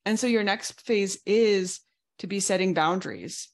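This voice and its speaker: A woman's voice: medium pitch, unhurried. A woman coach talking through a podcast lesson step by step, reassuring and now and then acting out quoted voices. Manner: reassuring, explains in steps, acts out quoted voices. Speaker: betrayal recovery coach. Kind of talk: podcast teaching talk.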